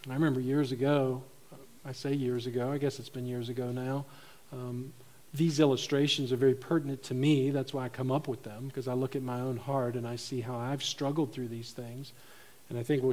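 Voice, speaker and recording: A man preaching a sermon to his congregation in a conversational way, swinging from loud, climbing mock prayers to low, quiet serious points. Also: a little fast, poor audio. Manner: animated preaching, rising to near-shouts in mock prayers. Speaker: pastor.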